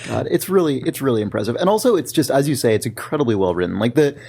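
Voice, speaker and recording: A young adult man co-hosting a podcast, chatting casually and acting out little bits of dialogue with animated energy. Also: medium pitch, gravelly, husky. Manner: animated, acts out characters' lines in quick impressions. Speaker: podcast co-host. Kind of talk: casual chat.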